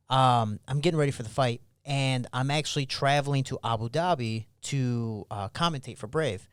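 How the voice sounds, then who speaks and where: A man's voice: mid-range voice, clean tone, dry recording, clean studio sound. A man, a podcast guest and pro fighter, telling a story in casual slangy talk and acting out the dialogue he remembers. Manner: animated, acts out remembered dialogue.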